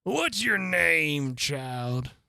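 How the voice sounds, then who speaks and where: A man voicing a shrill furious Queen of Hearts. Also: big pitch swings, very slow, vocal fry, pushed and bright, no room sound, studio quality, full character voice. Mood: imperious. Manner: shrill, commanding, impatient.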